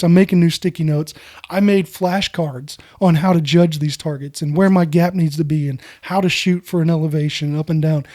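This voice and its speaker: Podcast guest: middle-aged American man, casual and animated, fairly high, mellow voice. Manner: animated, fast storyteller who keeps saying "dude". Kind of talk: casual storytelling.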